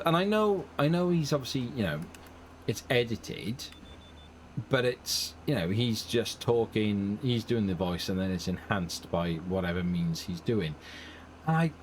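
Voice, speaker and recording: A middle-aged man chats casually over a farming game, rambling and poking fun at himself. His voice sits a little low, close on a desk mic, with a faint hum behind it. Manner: chatty, rambling, self-deprecating. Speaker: gaming channel host. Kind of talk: casual let's-play chat.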